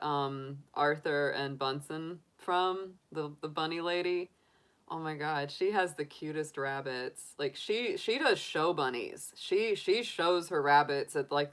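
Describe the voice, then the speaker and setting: A middle-aged woman with a low voice chats easily with her livestream viewers. She rambles warmly between topics, laughing often and restarting her sentences as she goes. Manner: chatty and giggly, with frequent laughs and restarts. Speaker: tarot reader livestream host. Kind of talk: casual chat answering live viewers.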